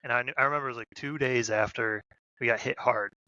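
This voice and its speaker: A man's voice: mid-range voice, fairly even intonation, fast, pushed and bright, dry recording, highs cut off. A man in a casual podcast chat, blunt and emphatic about combat.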